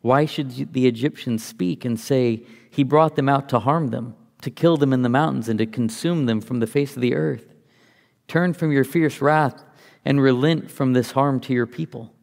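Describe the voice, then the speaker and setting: Male Bible teacher, gravelly, mid-pitched, conversational explainer; long hall reverb. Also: normal speed, a little mellow. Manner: conversational, thinks aloud while explaining.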